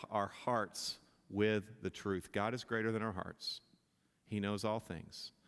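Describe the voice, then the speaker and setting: Casting: male pastor, lowish voice, passionate sermon delivery, long church-hall reverb. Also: smooth. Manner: impassioned, rising in pitch and volume at climaxes, many restarts. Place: church sanctuary.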